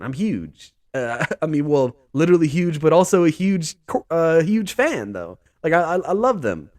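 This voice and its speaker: A man's voice: medium pitch, dry recording. A man hosting a sports vlog, talking in a casual, rambling monologue full of "dude" and "bro".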